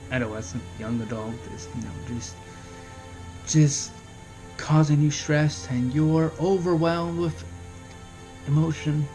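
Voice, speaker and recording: High-voiced young man giving advice. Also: a little mellow. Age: young adult. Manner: chatty, rhetorical questions. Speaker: vlogger. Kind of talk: casual advice monologue.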